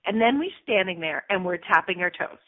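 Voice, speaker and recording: A woman hosting a coaching radio show in a casual, lively way, laughing often and acting out little voices. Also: on the low side, brisk, phone-quality sound.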